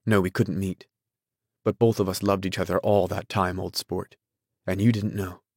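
A man voicing an earnest, polite romantic man who speaks with quiet intensity. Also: deep voice, level tone, normal speed, no room sound, clean studio sound. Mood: insistent.

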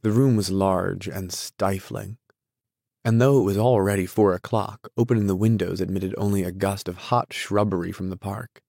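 A man narrating an audiobook in a measured, unhurried reading. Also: low voice, fairly even intonation, vocal fry, darkish tone, no echo, clean studio sound.

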